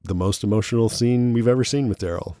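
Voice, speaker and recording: Low-voiced man chatting on a podcast. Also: fast, warm tone, no echo, clean studio sound. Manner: acts out quotes in raised voices, laughs often. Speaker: podcast co-host. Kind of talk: casual chat recapping a TV episode.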